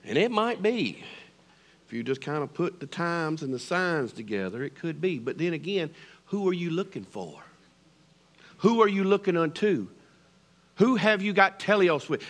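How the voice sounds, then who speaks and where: Animated Southern preacher, man. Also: high voice, moderate pace. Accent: Southern American. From American South. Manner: swings between loud preaching and hushed near-whispers. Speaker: pastor. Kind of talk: sermon.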